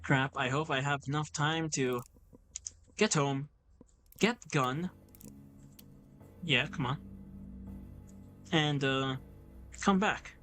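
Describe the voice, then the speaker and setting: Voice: medium pitch, takes it slowly, pauses often, a bit bright, faint music behind. A gaming YouTuber giving let's-play commentary, reacting casually and thinking aloud while playing.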